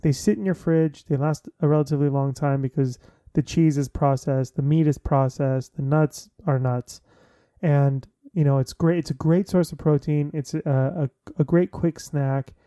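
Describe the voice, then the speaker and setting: Casting: man, 30s, loose jokey chatter, mellow low-toned timbre, dry close sound. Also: no echo. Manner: chatty, filler-heavy, jokey. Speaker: vlogger. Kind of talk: casual chat to listeners.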